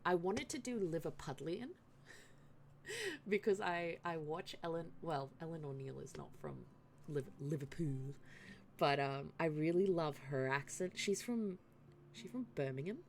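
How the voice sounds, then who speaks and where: A woman's voice: low voice, unhurried, slight background noise. A woman live-streaming a game, chatting casually and thinking aloud in a chatty, self-deprecating way. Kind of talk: casual gaming stream chat.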